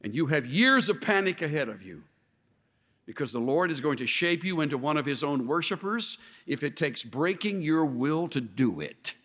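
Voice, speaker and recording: A man preaching a sermon in an animated way, acting out the voices he quotes with sarcasm. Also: a little high, moderate pace, in a large hall.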